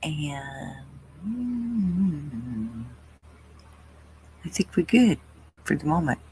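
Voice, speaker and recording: Easygoing stream host, slow and relaxed, friendly greetings, mid pitch, dead-dry room. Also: a little hiss or hum, poor audio. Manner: relaxed, chatty, greets viewers by name. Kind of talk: casual livestream chat greeting viewers.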